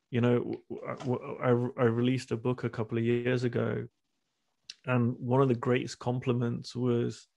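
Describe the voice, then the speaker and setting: Man with a flat, gravelly voice. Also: mid-range voice. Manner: candid, repeats and restarts words. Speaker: guest speaker and men's retreat coach. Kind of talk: casual conversation on a video call.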